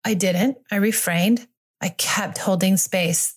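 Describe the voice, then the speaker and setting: A woman's voice: lowish voice, steady tone, normal speed, creaky. A woman hosting a solo parenting podcast, speaking in a reflective, earnest way and sometimes acting out conversations. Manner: reflective, earnest, acts out dialogue. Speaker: podcast host and family therapist.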